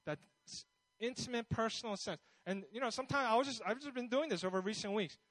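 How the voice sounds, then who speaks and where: A man's voice: very high voice, quick pace, fairly bright tone, no room sound, low-quality recording. A man preaching a sermon in a conversational way, often restarting his sentences and checking in with his listeners. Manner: conversational, with many restarts and asides. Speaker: pastor.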